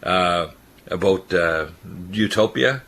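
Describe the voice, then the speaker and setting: A man on a radio health talk show, giving rapid, rambling and opinionated advice. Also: sits low, a bit bright, slight background noise.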